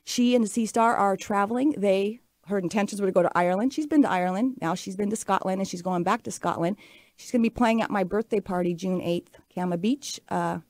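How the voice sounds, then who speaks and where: A woman's voice: mid-range voice, a little fast, darkish tone, dry recording. A woman in her late forties hosting a radio talk show, telling a personal story in an upbeat, earnest, chatty way. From Pacific Northwest US. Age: 40s. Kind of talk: casual radio monologue. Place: radio studio.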